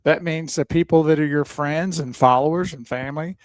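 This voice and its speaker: A man's voice: on the high side, fairly quick, dry recording. A man co-hosting a radio talk show, chatting with his partner and walking listeners through steps. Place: radio studio.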